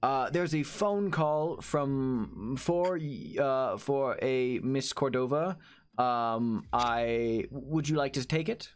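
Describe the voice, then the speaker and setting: A man's voice: medium pitch, takes it slowly, a little hiss or hum, natural voice. A man voicing a polite, flustered hotel concierge making an apologetic late-night call. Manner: apologetic and hesitant.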